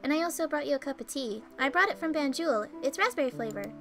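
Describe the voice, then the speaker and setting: A woman's voice: high voice, expressive, fast. Woman voicing a devoted young man servant. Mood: eager. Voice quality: stammering, eager. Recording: game music behind.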